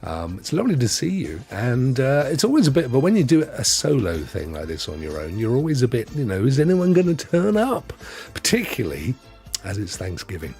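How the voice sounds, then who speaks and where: A man's voice: mid-range voice, sing-song, a little fast, a little mellow, faint music behind. A man hosting a gaming show alone, chatting in a rambling, chuckling way to his live-stream audience. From United Kingdom. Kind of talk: solo live-stream chat. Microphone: headset.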